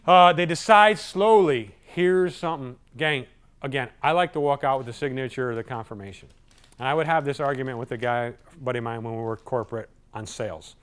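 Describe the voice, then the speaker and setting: A man giving a live sales training talk in a lively, conversational way, acting out what customers say. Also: mid-range voice, fairly quick, smooth. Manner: lively, acts out customer voices.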